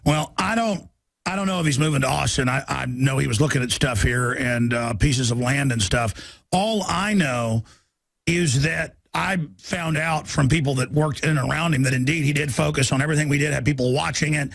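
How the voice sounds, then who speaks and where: A man hosting a radio talk show. He talks in rapid bursts that slow into drawn-out phrases, with halting restarts. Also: mid-range voice, gravelly, a bit bright, no room sound. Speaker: radio host.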